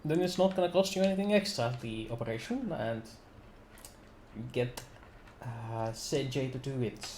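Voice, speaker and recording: A man's voice: medium pitch, expressive, normal speed, darkish tone, a little hiss or hum. Laid-back male game master, echoey. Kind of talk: running a tabletop game session.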